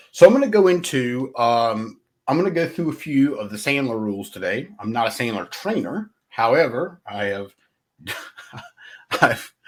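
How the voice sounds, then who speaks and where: A man talks straight to his listeners in a solo podcast, coaching them on sales. His voice moves up and down a lot as he makes his points. He is blunt and casual, and he keeps asking "right?" to check that people follow. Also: mid-range voice. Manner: animated, conversational, asks "right?" often. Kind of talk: solo motivational sales talk.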